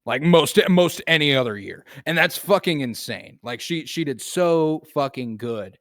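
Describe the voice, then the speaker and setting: A man's voice: on the high side, animated, a little slow, a bit bright, dry recording, studio quality. A man co-hosting a podcast, talking casually about films, loose and profane with lots of fillers. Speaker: podcast co-host. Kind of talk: casual film chat.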